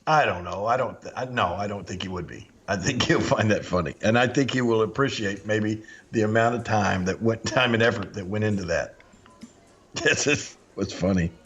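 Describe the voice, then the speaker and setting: A man's voice: on the low side, moderate pace, fairly bright tone, breathy edge, lo-fi sound. A man in his sixties co-hosting a podcast in casual chat, laughing and exclaiming a lot. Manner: laughing, easily amused, exclamatory. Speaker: podcast co-host.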